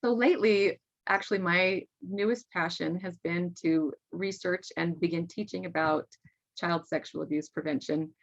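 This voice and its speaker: A woman's voice: on the low side, fairly even intonation, normal speed. A middle-aged mother talking earnestly as a podcast guest, often laughing. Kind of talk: casual interview talk. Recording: dull lo-fi sound.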